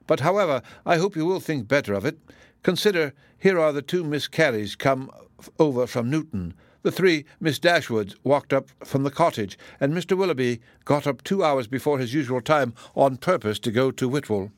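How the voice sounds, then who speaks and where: A man voicing a hearty, insistent country squire who talks over others, raised and loud. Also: mid-range voice, lively intonation, normal speed, no echo, lightly acted. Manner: bluff and insistent.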